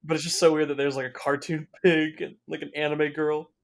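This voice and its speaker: A man's voice: fairly high pitch, flat delivery, brisk, gravelly. Young guy doing casual movie commentary. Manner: unfiltered, swears freely, openly emotional. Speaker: movie reviewer.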